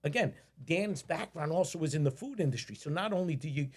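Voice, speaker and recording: A man's voice: fairly high pitch, expressive, fairly quick. A man hosting a casual podcast conversation, talking emphatically and often repeating phrases and restarting his sentences. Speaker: podcast host.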